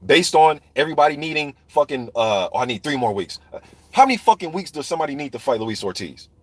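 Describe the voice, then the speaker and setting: A boxing commentator on a live stream rants heatedly and profanely about the sport, addressing viewers in the chat directly. His voice is fairly high and sing-song, he talks fast, and the recording is dry.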